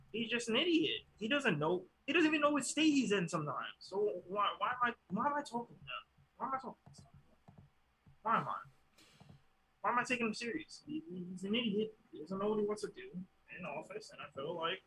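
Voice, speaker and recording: A man co-hosting a podcast in casual chat, joking and animated, with halting restarts. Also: sits high, a little hiss or hum, poor audio. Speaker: podcast co-host.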